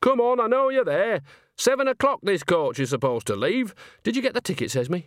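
A man's voice: on the high side, lively intonation, moderate pace, no echo, studio quality, voice pushed up, close to an everyday voice. A man voicing a cheerful, earthy old woman witch who talks in a rambling, folksy, sly way. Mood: chatty. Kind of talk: audiobook character voice.

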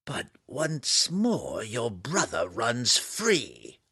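A man voicing a centuries-old drow matriarch in an audiobook, imperious and desperate, with drawn-out, dramatic lines and sudden cries. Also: medium pitch, wildly swooping pitch, bright, forceful tone, husky, no room sound, studio quality, exaggerated voice. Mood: anguished command. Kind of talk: audiobook character voice.

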